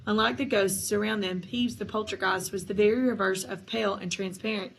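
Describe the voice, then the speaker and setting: A woman's voice: medium pitch, steady tone, fairly quick, gravelly, slight background noise, rough recording. Woman reading a story aloud. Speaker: narrator. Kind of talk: audiobook narration.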